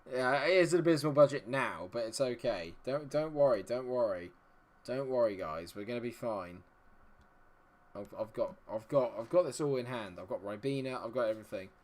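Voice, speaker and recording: Chatty male streamer, mid-pitched, talks to his live chat while playing. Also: animated, moderate pace. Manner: chatty, greets viewers, mutters while fiddling with settings. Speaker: live-streaming game player.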